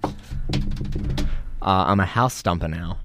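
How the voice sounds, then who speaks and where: A young Australian man co-hosting a podcast, telling rambling, animated stories in casual chat. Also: low voice, slow, soft background music. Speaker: podcast co-host.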